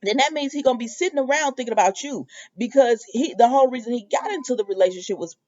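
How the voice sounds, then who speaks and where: A young woman hosting a casual soap opera recap, animated and opinionated as she talks straight to her viewers. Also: on the high side, fast. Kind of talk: casual chatty episode recap. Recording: dull lo-fi home video audio.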